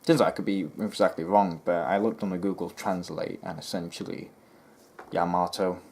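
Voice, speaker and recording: A man with a deep, low voice talks straight to his viewers in a loose, rambling way. He sounds exasperated, with plenty of ums, false starts and restarts. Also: steady tone, a little fast, darkish tone, a little hiss or hum. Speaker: history video host. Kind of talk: casual rambling commentary to camera.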